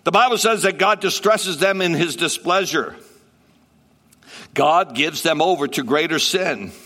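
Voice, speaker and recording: High-voiced preaching man in a hall. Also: unhurried, bright, forceful tone. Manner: emphatic preaching with repetition and rhetorical questions. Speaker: pastor. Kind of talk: sermon.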